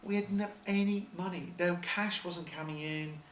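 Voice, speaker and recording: A man's voice: high voice, steady tone, moderate pace, a bit bright. A man, a film producer, telling rambling, self-deprecating stories with lots of restarts in an interview before an audience. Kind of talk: storytelling interview answers. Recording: echoey hall, distant mic, faint noise.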